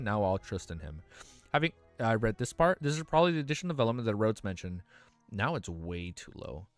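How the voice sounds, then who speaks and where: A man streaming live, reading a novel aloud and breaking off into excited, profane reactions. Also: mid-range voice.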